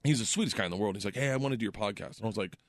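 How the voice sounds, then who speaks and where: A man telling comic stories in casual chat. He laughs often and jumps into excited voices when quoting people. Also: racing, no echo, studio quality. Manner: animated, laughs often, does high excited voices in quotes. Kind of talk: casual comedic storytelling.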